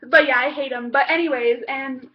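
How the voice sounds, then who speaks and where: High-voiced rambling woman reviewer. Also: steady tone, moderate pace, highs cut off. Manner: rambling, with many fillers and restarts. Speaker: TV episode reviewer. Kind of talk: casual chat.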